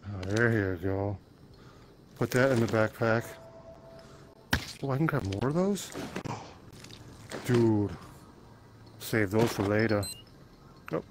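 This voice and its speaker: A man's voice: lowish voice, slow, long pauses, background noise. A man playing a zombie game, chatting playfully to himself and to the enemies as he goes. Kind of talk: let's play commentary.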